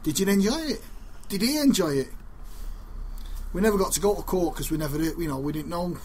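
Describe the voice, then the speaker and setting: A man's voice: high voice, animated, fairly quick, a little hiss or hum. A man hosting a casual radio show, joking and rambling and often laughing.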